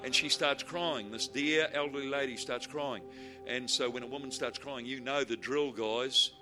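A man preaching a sermon, telling humorous stories and swinging from quiet asides to shouted declarations. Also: medium pitch, fairly even intonation, moderate pace, music in the background.

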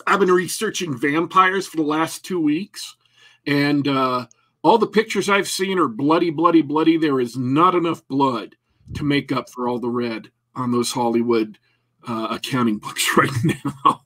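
A man's voice: fairly high pitch, measured pace, a bit bright. A man co-hosting a casual talk show, rambling and joking with many restarts. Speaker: podcast co-host. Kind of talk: casual chat.

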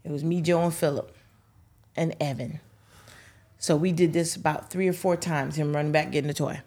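A woman's voice: deep voice, normal speed. A middle-aged woman telling funny family stories on a talk show, acting out the voices of the people in them. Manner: animated, acts out voices in her stories. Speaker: guest, host's mother. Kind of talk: casual storytelling.

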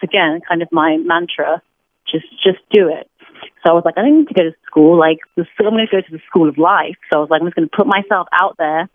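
British woman guest, thirties, animated storyteller, slightly low voice, tinny phone line, dry sound. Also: dry recording. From Britain. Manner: chatty, animated storytelling with laughs. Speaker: podcast guest. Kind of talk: casual interview chat.

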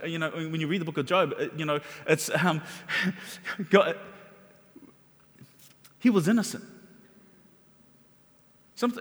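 High-voiced man preaching in a reverberant hall. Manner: animated, conversational preaching with many restarts. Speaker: pastor. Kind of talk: sermon.

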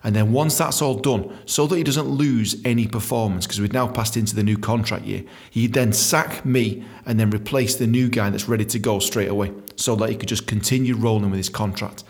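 A man's voice: fairly low pitch, steady tone, a little fast, hardly any pauses. An English man reads his own memoir and breaks into crude, joking asides that are full of swearing. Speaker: author reading his book.

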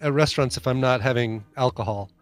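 A man's voice: medium pitch, fast talker. A man co-hosting a podcast in casual chat, stuffy and congested, rambling with fillers. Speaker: podcast co-host.

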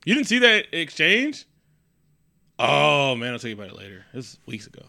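A man talks loosely about a movie with a co-host, cursing often and jumping into mocking character voices. His tone is bright and forceful. The recording is dry and close. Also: medium pitch, a little fast, creaky, dry recording. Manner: profane, animated, does mocking voices of characters. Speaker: podcast co-host. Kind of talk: casual movie review chat.

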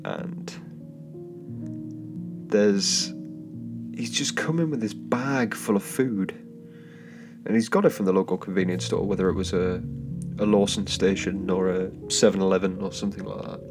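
A man's voice: low-pitched, normal speed. A man hosting a solo podcast, telling a travel story in a rambling, casual way with lots of fillers, restarts and chuckling asides. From England. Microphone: home microphone. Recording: guitar bedding music under the voice. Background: soft guitar background music.

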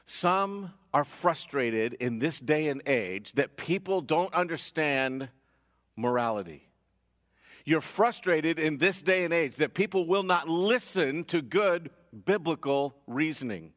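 A man's voice: animated, slow. A man preaching a sermon as pastor, earnest, his voice rising and dropping as he presses each point. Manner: earnest preaching, rises and falls in pitch and loudness. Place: church sanctuary. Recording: long reverb of a church hall.

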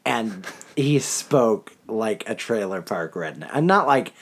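A young man co-hosting a casual hockey podcast, rambling and animated, laughing often. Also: lowish voice, takes it slowly, husky. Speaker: podcast co-host.

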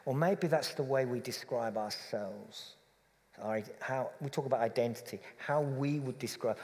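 A man preaching a reflective, conversational sermon that softens to a gentle hush. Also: mid-range voice, moderate pace, big-room sound.

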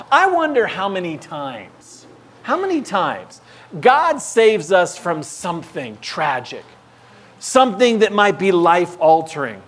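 Pastor guy with a high voice, preaching, acts out his stories with lots of energy. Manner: animated storytelling, acting out scenes. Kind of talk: sermon.

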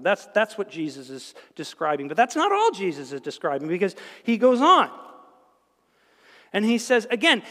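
A male pastor giving a conversational, animated sermon in a church, with many restarts and asides. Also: high voice. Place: church sanctuary. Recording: reverberant church hall.

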